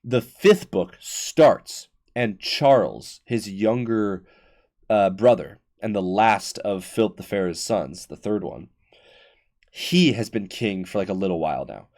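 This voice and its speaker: Excitable young man retelling history. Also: fairly low pitch, takes it slowly. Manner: excited, rambling storytelling with frequent fillers and restarts. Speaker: podcast host. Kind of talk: casual history chat.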